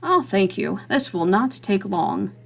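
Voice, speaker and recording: A woman reading a story, voicing a polite, formal older gentleman visitor with a courteous, measured manner. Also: mid-range voice, sing-song, vocal fry, breathy edge, exaggerated voice.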